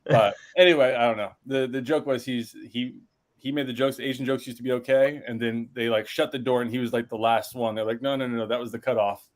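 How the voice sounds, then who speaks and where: A man's voice: mid-range voice, steady tone, a little fast. Guy co-host rambling thru a story, average voice, casual. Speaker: podcast co-host. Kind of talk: casual chat.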